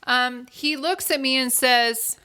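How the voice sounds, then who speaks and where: Bright, animated woman podcaster. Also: high-pitched, slow, clean tone. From United States. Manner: animated, swearing storyteller. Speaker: podcast co-host. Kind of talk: casual chat.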